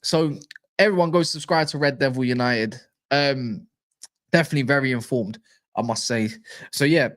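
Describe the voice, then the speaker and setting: A man's voice: medium pitch, moderate pace. A young man chatting casually on a football fan live stream, joking and bantering in slang. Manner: animated, jokey, slangy banter.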